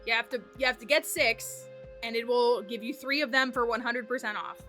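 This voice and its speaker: A woman streamer telling a story in casual chat, animated and full of "like" fillers. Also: on the high side, a little fast, soft background music. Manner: animated, heavy use of "like" fillers.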